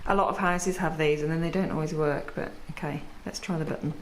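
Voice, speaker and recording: A woman's voice: low voice, fairly even intonation, a little fast, a little hiss or hum. A woman vlogging casually as a pet sitter, chatting to the camera and cooing playfully at the pets. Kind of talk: casual vlog chat.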